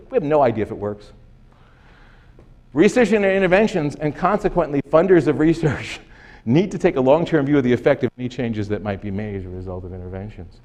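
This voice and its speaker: A man's voice: medium pitch, lively intonation, brisk, a little mellow. A man giving a conference lecture, emphatic and sarcastic, asking rhetorical questions. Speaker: conference speaker. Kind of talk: lecture presentation. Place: conference hall.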